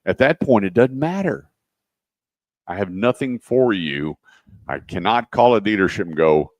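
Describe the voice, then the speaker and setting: A man's voice: on the low side, animated, measured pace, no room sound, clean studio sound. A man hosting a car radio show in a casual, folksy way, telling stories and acting out the people in them. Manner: folksy storyteller acting out quoted voices.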